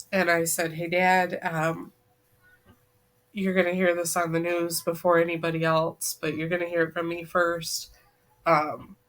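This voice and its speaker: A woman guest on a podcast, earnestly recounting a personal story and quoting the people in it, her voice dropping soft at the hard parts. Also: lowish voice. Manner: earnest, relives events by quoting dialogue; emotional, voice drops soft at hard moments. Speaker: guest, co-author.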